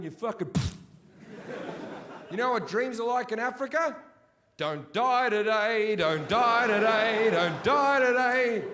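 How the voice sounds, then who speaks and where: High-pitched guy doing stand-up in a big theatre, sweary ranting, keeps yelling. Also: a little hiss or hum. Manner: profane, ranting delivery that often rises to shouting. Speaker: stand-up comedian. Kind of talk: stand-up comedy set. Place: large sold-out theatre.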